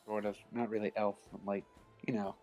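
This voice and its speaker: A man playing a tabletop game in character, speaking in a hesitant, halting way. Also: on the low side, little pitch movement, a little mellow, soft background music. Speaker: player. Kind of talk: casual tabletop role-play.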